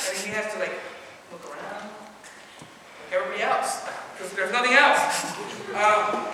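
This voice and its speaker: A man's voice: sits high, normal speed, long pauses, a crowd in the background. A teenage boy doing a rambling, self-deprecating stand-up set at his school, recorded from far back in the room. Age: teens. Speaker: stand-up comedian. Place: school auditorium before a live audience. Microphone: distant room recording. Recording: echoey hall recorded from far off, noisy.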